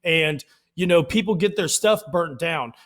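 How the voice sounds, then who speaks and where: Chatty man telling animated stories. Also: on the high side, a little slow. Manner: animated storyteller, acts out quotes in raised voices. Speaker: podcast co-host. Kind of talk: casual chat.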